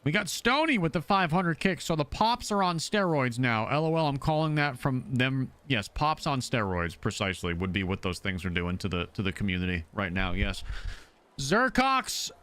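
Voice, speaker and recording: A man streaming a video game live, chatting casually and excitably shouting thanks to his supporters. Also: medium pitch, normal speed, smooth.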